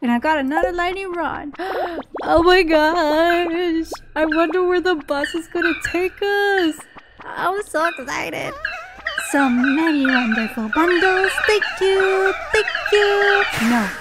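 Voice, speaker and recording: Eine Frau, die locker und aufgeregt ein Spiel kommentiert, oft nach Luft schnappt und kichert. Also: female voice, extremely high pitch, unhurried, few pauses, noisy background. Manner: excitable, gasping and giggling often. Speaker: gaming channel host. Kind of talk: casual gameplay commentary. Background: soft game music.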